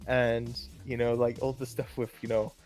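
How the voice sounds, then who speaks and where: A man's voice: medium pitch, flat delivery, normal speed, music in the background. A man chatting casually and rambling as he ranks films, with many restarts and fillers. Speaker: co-host ranking films. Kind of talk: casual opinionated chat.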